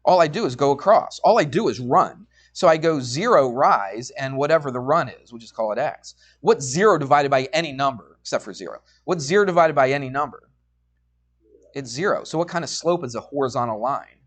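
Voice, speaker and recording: A middle-aged man teaching a college math class tells a personal story in a chatty way, stopping often to check in with his students. His mid-range voice is expressive, brisk, and slightly rough.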